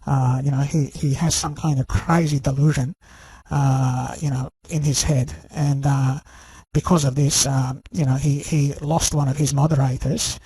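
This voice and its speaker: A man giving an unscripted, accusing video monologue, halting and full of fillers and restarts. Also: medium pitch, little pitch movement, warm tone, husky, no echo, poor audio. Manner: accusing and indignant. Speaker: online video commentator.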